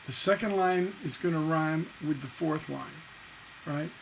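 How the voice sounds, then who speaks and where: Middle-aged guy teaching songwriting, kinda high voice, punchy, sings bits of lyrics, faint hum behind. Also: unhurried, gravelly, poor audio. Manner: lively, emphatic teaching, sings and recites lyric lines. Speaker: songwriting instructor. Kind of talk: livestream songwriting lesson.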